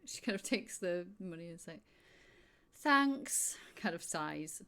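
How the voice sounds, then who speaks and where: A woman narrating as game master for a tabletop game. Her voice sits a little low. She tells it casually, hedging with "kind of, like". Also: steady tone, fairly quick.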